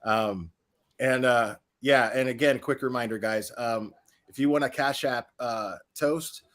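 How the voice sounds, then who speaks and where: A man hosts a relaxed livestream in a mid-range voice. He comments on clips with mocking asides, swears freely and laughs often. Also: mid-range voice, a little slow. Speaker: host.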